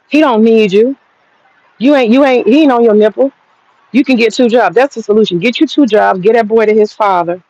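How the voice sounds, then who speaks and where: A woman's voice: mid-range voice, a little mellow, no echo, muffled recording. Blunt, cussing woman ranting on a livestream. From United States. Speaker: livestream host. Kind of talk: livestream commentary reading chat.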